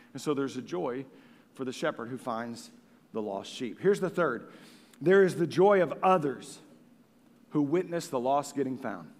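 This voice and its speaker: A man preaching a sermon with passion, swinging from hushed tones to booming. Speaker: pastor. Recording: long reverb of a large hall.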